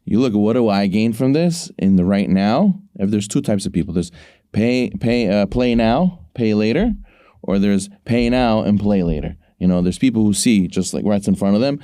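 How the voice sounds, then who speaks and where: A man's voice: on the low side, expressive, normal speed, dark tone, no echo, studio quality. A man co-hosting a casual talk show, telling a Torah story and acting out the voices in it. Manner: preachy, storytelling, acts out quotes. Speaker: co-host. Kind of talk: casual sports talk, giving a short Torah lesson.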